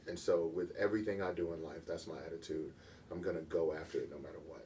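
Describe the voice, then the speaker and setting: A man's voice: deep voice, steady tone, quick pace, far from the mic, slight background noise. A man, a hip-hop artist, chatting casually in an interview in a laid-back, story-telling way and laughing easily.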